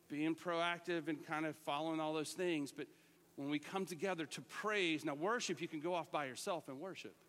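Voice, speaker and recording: High, bright-voiced preacher in a hall. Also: male voice. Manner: lively, joking, talks straight to the congregation. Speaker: pastor. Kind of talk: sermon. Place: church sanctuary. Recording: live church sermon with hall reverb.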